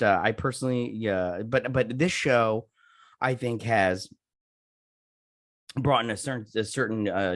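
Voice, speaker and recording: A man's voice: fairly low pitch, a bit bright. Rambling, filler-heavy male TV reviewer. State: sore throat. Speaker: YouTube TV review host. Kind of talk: casual episode breakdown and review.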